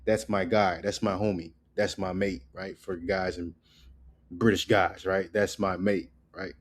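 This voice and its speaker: A man giving a casual spoken language lesson, loose and repetitive, tagging "right?" onto his points and drilling words slowly. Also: sits low, flat delivery. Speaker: language teacher.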